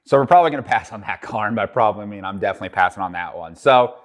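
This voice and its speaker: A man's voice: lowish voice, lively intonation, rapid-fire. A man vlogging casually, joking around, swearing often and rambling. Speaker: car vlogger. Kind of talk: casual vlog talk.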